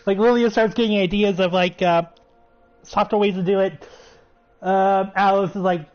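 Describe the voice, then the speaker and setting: A man giving a chatty, excitable recap of a show episode. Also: high voice, normal speed. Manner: chatty, excitable, laughs while retelling. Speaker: show reviewer. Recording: muffled recording with faint music.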